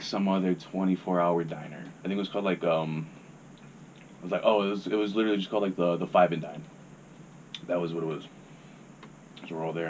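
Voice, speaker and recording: A man's voice: low-pitched, a little mellow, a little hiss or hum. A young man, a podcast guest, telling a rambling, laid-back story in casual chat and swearing freely.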